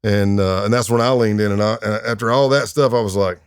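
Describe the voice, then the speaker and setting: On a podcast interview, a retired undercover agent in his fifties shares anecdotes, quick-paced and in a smooth, lowish voice. His manner is laid-back and wry, and the recording is dry with studio quality.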